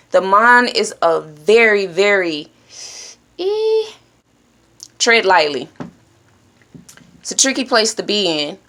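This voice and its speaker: A woman talks straight to her listeners in a motivational monologue. She is blunt and preachy, and she checks in with a questioning "hmm?" between points. Her voice sits at an ordinary middle pitch. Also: fairly bright tone. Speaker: self-help speaker.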